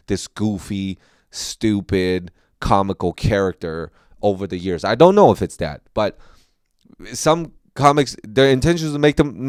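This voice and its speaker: A man's voice: on the low side, clear, resonant tone, no echo, studio quality. A man hosting a podcast, talking casually and rambling with many restarts and fillers. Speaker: podcast host, comedian.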